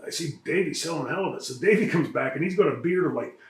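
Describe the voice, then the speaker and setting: A man in a shoot interview, telling profane road stories in an animated way and acting out what others said. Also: a little high, fast talker, roomy sound, low-quality recording. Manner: animated, profane anecdotes with quoted voices and laughter.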